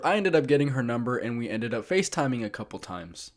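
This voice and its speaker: A man's voice: mid-range voice, big pitch swings, fast talker. A young man and vlogger telling a comic story about his past in a casual, self-mocking way, with frequent ums and uhs. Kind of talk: comedic storytime narration.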